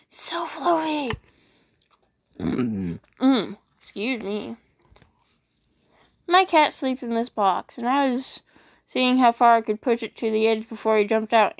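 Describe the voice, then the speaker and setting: A woman voice actor reading funny internet posts aloud, animated and playful, switching voices often. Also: fairly high pitch. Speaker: YouTube voice actor.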